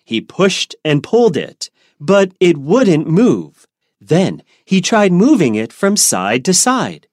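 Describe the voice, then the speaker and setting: A woman reading an English learners' storybook aloud slowly and clearly, then answering its comprehension questions. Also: lowish voice, very animated, darkish tone, no echo, clean studio sound. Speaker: reader of a graded English reader.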